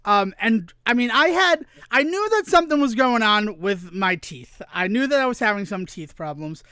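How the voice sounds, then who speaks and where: A man chats on a podcast, spinning an animated story and swearing freely. His pitch swings widely as he talks. The sound is close and dry, with no room echo. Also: moderate pace, clean tone. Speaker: podcast co-host. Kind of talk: casual chat.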